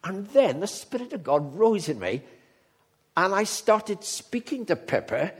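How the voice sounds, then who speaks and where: Older male preacher, husky, narrating testimonies with big swings from soft to loud. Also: sits high, very animated, measured pace. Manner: storytelling, swings from hushed to loud and emphatic. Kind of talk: sermon.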